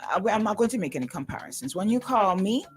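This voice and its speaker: A woman's voice: mid-range voice, sing-song, quick pace, faint music behind. A woman hosting a radio call-in show, speaking firmly and with a scolding tone to a caller. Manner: firm, scolding. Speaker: radio talk show host.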